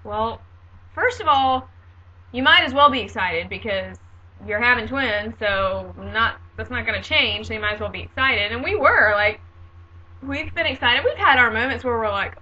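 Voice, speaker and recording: Chatty young woman, bright lo-fi. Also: fairly high pitch, lively intonation, moderate pace, slight background noise. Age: 20s. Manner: chatty, laughs often, sarcastic asides. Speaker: vlogger. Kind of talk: casual chatty monologue.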